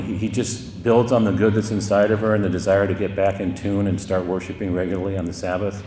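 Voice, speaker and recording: Deep-voiced priest preaching in echoey church. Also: male voice, fairly even intonation, brisk, few pauses, darkish tone, a little hiss or hum. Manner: conversational storytelling with chuckles. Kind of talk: sermon. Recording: roomy church echo with long reverb.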